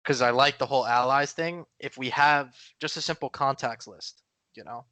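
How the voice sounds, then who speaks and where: A man's voice: mid-range voice, moderate pace, pushed and bright, no echo. A man co-hosting a podcast in casual chat, rambling with many fillers and restarts. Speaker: podcast co-host.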